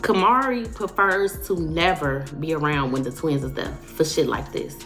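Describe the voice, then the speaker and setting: A woman's voice: low-pitched, normal speed, a bit bright, soft background music. Slangy woman telling a story. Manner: casual slangy storytelling, dismissive. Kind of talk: storytelling in a video.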